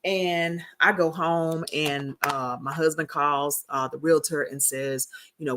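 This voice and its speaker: A woman host telling a personal story in a casual, animated chat, repeating herself for emphasis. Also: low voice, slow pace, few pauses.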